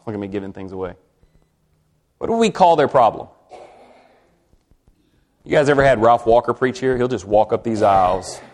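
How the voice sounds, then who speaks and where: A man preaching a sermon to a congregation in a conversational way, asking them questions and swinging from quiet, slow lines to emphatic ones. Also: medium pitch.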